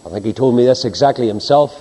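A man's voice: mid-range voice, fast, mellow, slightly rough. A man preaching a sermon, asking the congregation rhetorical questions. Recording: long hall reverb.

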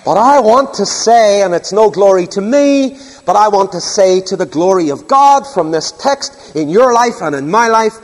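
An older man preaching a sermon, emphatic and full of rhetorical questions. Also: high voice. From Northern Ireland. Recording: long hall reverb.

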